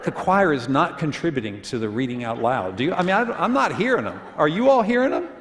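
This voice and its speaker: Male pastor, fairly high voice, folksy storytelling sermon, long church reverb. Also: big pitch swings, quick pace, few pauses, a bit bright. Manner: leads congregation in reading aloud. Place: church sanctuary. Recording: echoey church hall.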